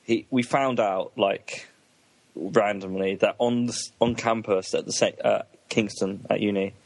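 A man's voice: on the low side, fairly even intonation, measured pace. A young man co-hosting a casual chat, laughing and stumbling over his words. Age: young adult. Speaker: podcast co-host.

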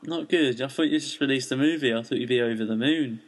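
A man co-hosts a loose comedy chat, teasing the others and laughing often. His voice sits at an ordinary middle pitch. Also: fast. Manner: playful, teasing, laughs a lot. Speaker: podcast co-host.

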